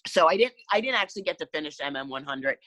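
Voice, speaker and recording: A woman in her fifties, a guest in a casual interview, talking in a halting way with many restarts. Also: deep voice, lively intonation, fairly bright tone, no room sound. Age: 50s.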